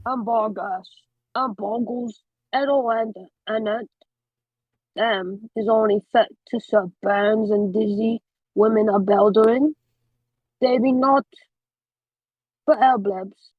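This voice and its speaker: A woman reading aloud as a gruff old man with a thick rural dialect, halting over the odd words. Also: on the high side, fairly even intonation, no echo, phone-quality sound. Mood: grumbling. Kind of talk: amateur read-aloud of a novel.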